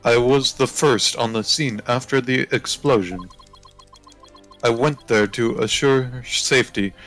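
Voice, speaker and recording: A man voicing a stiff male bomb-squad witness, reading in a flat, clipped robotic way. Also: medium pitch, measured pace, faint music behind, low-quality recording. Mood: deadpan. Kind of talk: reading a game script aloud.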